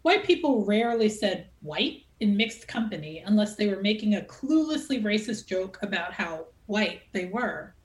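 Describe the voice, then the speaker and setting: A woman author reads a passage of her own novel, her voice lively and moving widely in pitch. The delivery is expressive and dramatic. The recording has an echoey room sound. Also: moderate pace, few pauses.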